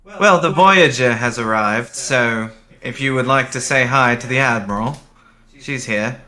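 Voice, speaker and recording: A man voicing a cheerful female starship captain in a tabletop game, talking in a quick, breezy way. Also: medium pitch, sharp tone.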